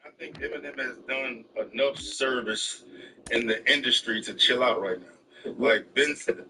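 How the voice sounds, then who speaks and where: A man's voice: medium pitch, moderate pace. A man pushing back bluntly in a casual, cussing debate. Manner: blunt, casual, swears freely. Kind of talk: heated debate. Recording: distant voice with faint background noise.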